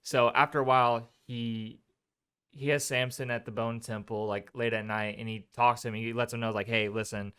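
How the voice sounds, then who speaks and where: A man's voice: medium pitch, moderate pace, clean tone. A man co-hosting a podcast, casually retelling a movie's scenes and acting out the characters' lines. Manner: animated retelling with quoted lines. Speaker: podcast co-host. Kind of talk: casual movie review chat.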